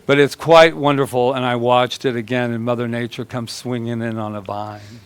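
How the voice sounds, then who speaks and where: A man's voice: mid-range voice, steady tone, moderate pace, clear, resonant tone. A male minister giving a chatty sermon, telling stories and acting out quoted voices with humor. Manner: storytelling, acts out quoted voices; chatty, laughs with congregation.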